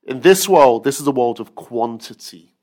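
A man's voice: medium pitch, animated, moderate pace, a little mellow. A man giving an earnest weekly Torah talk who tells stories and acts out the quotes. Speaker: rabbi teacher.

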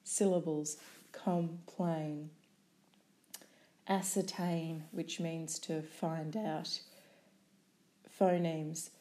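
A woman teaching a spelling lesson, saying each sound and syllable slowly and carefully. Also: low voice, fairly even intonation, dark tone.

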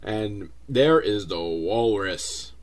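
A man's voice: on the low side, lively intonation, very slow. A man hosting a comedic movie recap, sarcastic, profane and rambling. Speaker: host, film reviewer.

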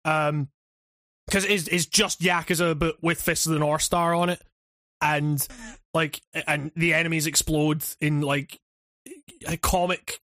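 A man's voice: on the high side, fairly even intonation, unhurried, pushed and bright, no room sound, clean studio sound. Rambling man on a gaming podcast. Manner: rambling, hesitant, swears freely. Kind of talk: casual gaming chat.

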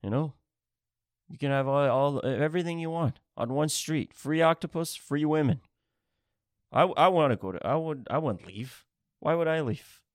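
A man's voice: fairly high pitch, moderate pace, dry recording, studio quality. Rambling, foul-mouthed male podcast ranter. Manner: rambling, swearing, restless, jumps between topics. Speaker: podcast host. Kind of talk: profane comedic rant.

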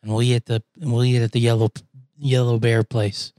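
A young man telling a story in casual chat, animated, laughing and mimicking other voices. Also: medium pitch, fairly quick, dry recording, studio quality.

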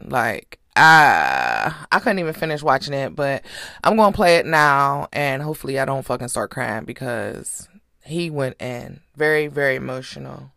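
A woman's voice: extremely low pitch, expressive, moderate pace, vocal fry, a bit bright, no echo, clean studio sound. A woman hosting a podcast, giving blunt, profane casual commentary. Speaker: podcast host.

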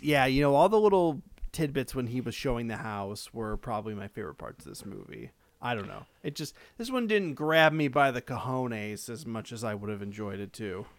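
A man's voice: mid-range voice, fairly bright tone, no room sound. A man co-hosting a podcast, talking casually with restarts, fillers and the odd swear. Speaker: podcast co-host. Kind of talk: casual chat.

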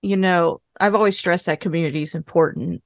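Female host with a gravelly edge and a dry, close sound; measured questions with fillers. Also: on the low side, steady tone, no echo. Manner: measured, with fillers like "you know" and "uh". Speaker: interviewer, host. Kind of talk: casual interview chat.

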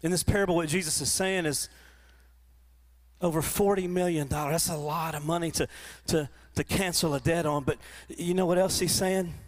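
A man preaching a sermon to his church, often repeating and restarting words, and rising into animated quoted voices. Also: fairly high pitch, normal speed. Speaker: pastor. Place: church in front of a congregation.

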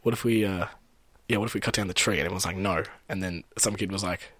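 A man's voice: low-pitched, steady tone, fast talker, fairly bright tone, no room sound. A man casually telling a party story, acting out the lines of others with lots of laughing. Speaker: storyteller guest. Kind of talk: casual chat.

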